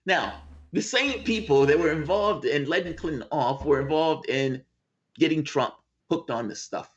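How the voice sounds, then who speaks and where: A man's voice: a little high, animated, normal speed, lo-fi sound. A man as guest in a casual political chat over a video call, emphatic and profane.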